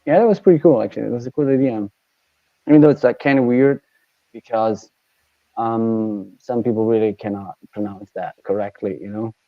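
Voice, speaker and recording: Italian guy, lowish voice, dull dry call audio, lots of ums and uhs. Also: moderate pace, no echo. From Italy. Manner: hesitant, filler-heavy, laughs easily. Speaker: band frontman, guest. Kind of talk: casual interview chat.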